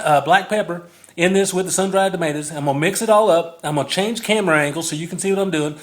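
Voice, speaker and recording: A man's voice: high-pitched, quick pace. A man, chatting and joking as he films himself cooking at home on a phone. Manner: chatty, jokey, laughs often. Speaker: home cook filming a recipe video. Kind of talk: casual cooking demo. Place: home kitchen. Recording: echoey kitchen on a phone mic.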